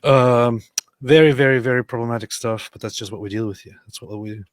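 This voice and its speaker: A man's voice: medium pitch, brisk, dry recording. Casual male livestream host, dry sound. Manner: relaxed, joking, reads viewer comments aloud.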